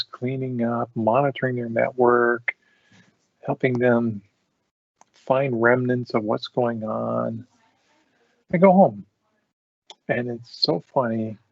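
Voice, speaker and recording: Gravelly-voiced man telling stories. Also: mid-range voice, steady tone, slow pace, no room sound. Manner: laughs often while telling stories. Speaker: podcast host. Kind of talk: casual storytelling. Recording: dull dry lo-fi sound.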